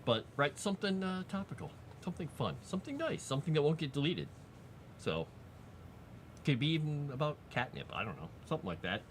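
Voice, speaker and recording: A man chats casually on a live stream, rambling through asides and fillers. His pitch rises and falls freely in a mid-range voice. A faint hum of room ambience sits underneath. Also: lively intonation, fairly quick.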